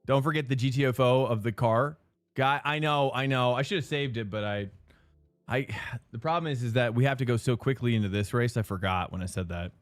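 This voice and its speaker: A man's voice: mid-range voice, a little fast, no room sound, clean studio sound. A young man streaming a sim race live, rambling and chatting with viewers. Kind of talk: live stream chat while racing.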